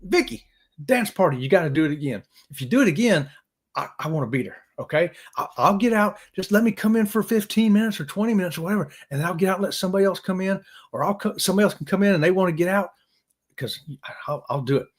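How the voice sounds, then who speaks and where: A man's voice: high voice, expressive, quick pace, husky. A man hosting a live stream, chatting casually with viewers in an upbeat, joking, folksy way. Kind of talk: casual chat reading viewer comments.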